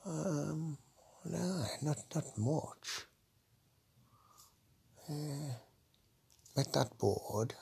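A man's voice: on the high side, expressive, very slow, gravelly, long pauses, darkish tone, breathy edge. A man hosting a podcast in a rambling, crude monologue, swearing constantly and tagging his lines with "eh?". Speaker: podcast host. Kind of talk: casual comedy podcast monologue.

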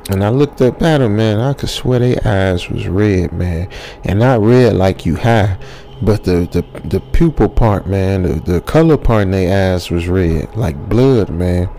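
A man's voice: fairly low pitch, a little slow, dark tone, a little hiss or hum. Rambling man telling a horror story. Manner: rambling and chatty, tags lines with "man", laughs at his own jokes. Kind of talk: casual spoken horror storytelling.

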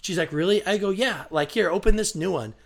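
A man's voice: sits high, lively intonation, fairly quick, vocal fry. A man telling a bartending story in casual chat, full of fillers and bursts of laughter.

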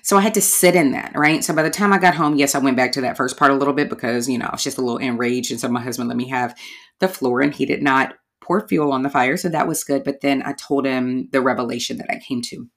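A woman with a notably low voice talks through a solo podcast episode. She is chatty and candid, speaking straight to her listeners and calling them y'all. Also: quick pace. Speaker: podcast host. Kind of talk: casual podcast monologue.

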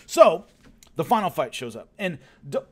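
A man casually recounting his fighting days, lively and acting out what others said, with hiccups. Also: fairly high pitch, normal speed. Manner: animated, acts out quotes of others. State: has hiccups. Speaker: former show fighter telling stories. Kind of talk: casual storytelling.

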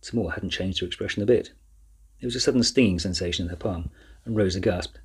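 A man narrating a children's novel in an even, measured storytelling voice. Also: low-pitched, slightly rough. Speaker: audiobook narrator. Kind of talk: scripted narration.

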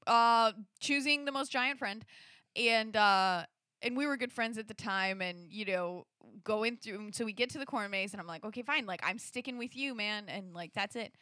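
A woman telling a personal story in a casual, animated way, full of fillers and restarts. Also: mid-range voice, moderate pace, no echo, clean studio sound. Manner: acts out quoted lines, rising into shrieks. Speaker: storyteller in a conversation.

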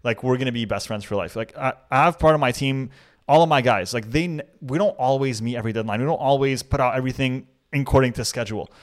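A man hosting a podcast, talking in an energetic, emphatic way with lots of "like" fillers. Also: medium pitch, fast talker. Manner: energetic and emphatic, heavy use of "like". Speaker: podcast host. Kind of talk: casual podcast interview.

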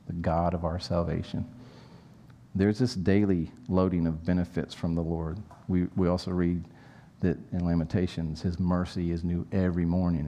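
Deep, mellow preacher man. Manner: verse-by-verse teaching with repeated phrases. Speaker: pastor. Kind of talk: sermon.

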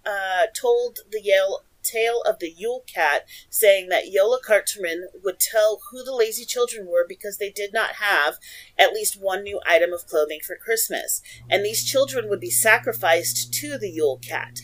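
A woman's voice: mid-range voice, normal speed, a bit bright, poor audio. A woman co-hosting a casual podcast, reading notes aloud, laughing often and stumbling over foreign names. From Oregon, USA. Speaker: podcast co-host.

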